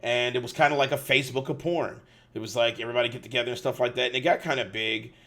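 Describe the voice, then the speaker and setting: A man hosting a podcast, telling a story in casual, animated speech full of swearing and restarts. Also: mid-range voice, quick pace. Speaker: podcast host.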